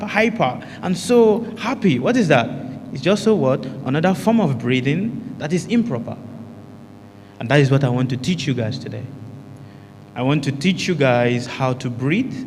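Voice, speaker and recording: A man's voice: a little high, darkish tone, in a large hall, slight background noise. A man teaching a meditation class, often asking the group rhetorical questions and answering them himself, and repeating key phrases for emphasis. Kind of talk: spiritual teaching talk to a group.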